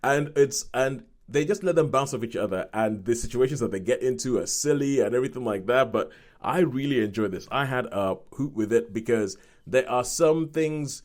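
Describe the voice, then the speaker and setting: Lively intonation marks this medium-pitched, darkish male voice at normal speed. As a podcast host, he chats his way through a rambling review, amending his words and playing out quoted voices.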